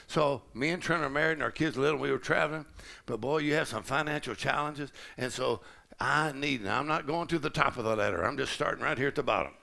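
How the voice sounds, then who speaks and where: Middle-aged preacher, man, gravelly and bright, swings from folksy talk to shouting. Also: medium pitch, fast talker. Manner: rising to shouted declarations with a gravelly voice. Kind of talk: sermon. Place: large church auditorium.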